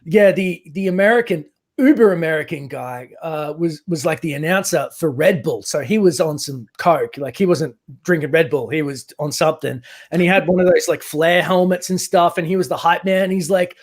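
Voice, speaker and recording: An Australian man chatting casually on a group stream, blunt and quick to swear. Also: a little high. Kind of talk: casual chat.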